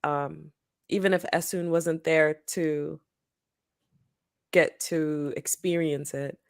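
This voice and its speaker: Low-voiced woman chatting about books. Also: fairly even intonation, vocal fry, clear, resonant tone, no room sound, clean studio sound. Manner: laughs easily, pauses with ums while thinking. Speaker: book club podcast co-host. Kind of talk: casual chat.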